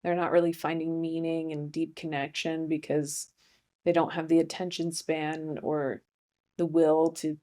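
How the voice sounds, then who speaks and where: A young woman hosting a comedy podcast, rambling through a casual monologue with deadpan asides and frequent self-interruptions. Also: low voice, unhurried.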